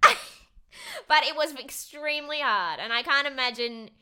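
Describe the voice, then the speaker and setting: A woman's voice: high voice, sing-song, unhurried, pushed and bright. A woman, co-hosting a casual podcast chat, swearing freely and acting out quotes. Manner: chatty, swears freely, acts out quotes with laughs. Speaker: podcast co-host.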